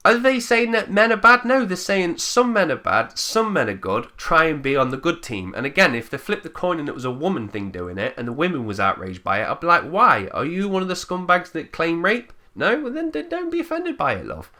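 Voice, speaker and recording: A man talks straight to camera in an opinionated rant, blunt and full of swearing. His voice is bright and forceful, and his pitch leaps around a lot as he mocks other people's views. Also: very animated, fairly quick, few pauses. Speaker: channel host.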